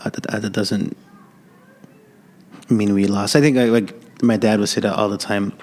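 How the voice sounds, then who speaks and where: A man speaking off the cuff as a podcast guest, halting with many restarts. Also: lowish voice, steady tone, a little mellow. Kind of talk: off-the-cuff conversation.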